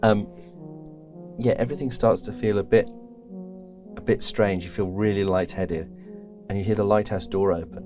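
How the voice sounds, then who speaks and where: A man narrating as game master of a tabletop role-playing game in a relaxed, laughing way. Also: on the low side, normal speed, long pauses, soft background music.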